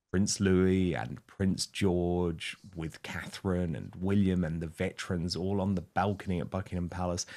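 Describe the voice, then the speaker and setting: A man hosting a panel discussion in a brisk, enthusiastic way. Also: low voice. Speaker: talk show host.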